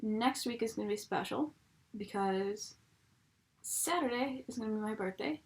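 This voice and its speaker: A woman's voice: on the high side, moderate pace. A young woman reviewing an episode in a casual, rambling way, full of tangents and sarcastic asides. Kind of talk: casual chat. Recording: audible background noise.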